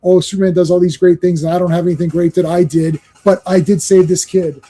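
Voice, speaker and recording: A man's voice: high-pitched, level tone, fast talker, dark tone. A man co-hosting a comics podcast, ranting in casual chat, swearing and acting out quotes in voices. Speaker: podcast co-host.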